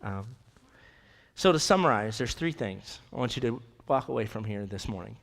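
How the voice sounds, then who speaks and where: A man's voice: medium pitch, lively intonation, normal speed, creaky, fairly bright tone, big-room sound. A man preaching a conversational sermon as pastor, often dropping to a near whisper for emphasis. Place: church sanctuary.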